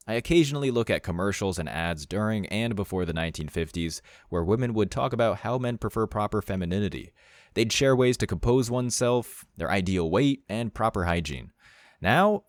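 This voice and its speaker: Brief: male host, low pitch, dry close sound, blunt scripted mocking commentary. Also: darkish tone, dry recording.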